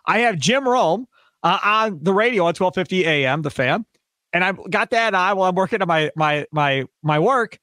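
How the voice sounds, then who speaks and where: A male sports radio host with a high, lively voice that leaps around as he tells stories and mimics others. The sound is dry and close, with no room to it. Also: no room sound. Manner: animated, acts out quotes with big pitch jumps. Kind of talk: excited sports podcast chat. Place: office at a radio station.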